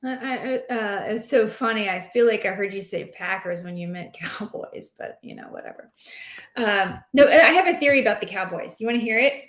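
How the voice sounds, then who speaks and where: A woman chatting about fantasy football in an animated, rambling, playful way. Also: medium pitch, a little fast, hardly any pauses. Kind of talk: casual sports chat. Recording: roomy echo.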